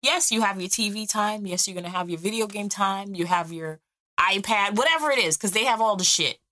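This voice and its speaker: A woman's voice: medium pitch, a little fast, bright, forceful tone. A woman in her thirties co-hosting a podcast, chatting casually and telling blunt, profane stories. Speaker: podcast co-host. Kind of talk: casual chat.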